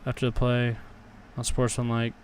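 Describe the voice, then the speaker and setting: A young man reacts live to a football game, grumbling, swearing at his team, and talking back to chat in frustration, then bursting into cheers on big plays. His mid-range voice is monotone and moves at a normal speed, with a bit of hiss or hum.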